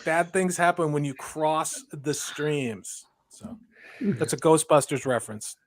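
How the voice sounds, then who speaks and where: A man with a fairly high voice, chatting casually on a livestream. He is blunt and wry and swears without a second thought. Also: unhurried, no echo. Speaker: co-host guest.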